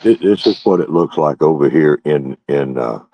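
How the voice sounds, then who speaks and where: A man's voice: rumbling low, animated, moderate pace, muffled recording. A man with a Southern hill accent, rambling in casual livestream chat and often asking "right?". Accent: Southern American hill dialect. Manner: rambling, repeats words, asks "right?".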